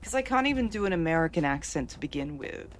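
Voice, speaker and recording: A woman's voice: low voice, sing-song, quick pace, a little hiss or hum. A woman live-streaming a game, chatting casually, thinking aloud and poking fun at herself.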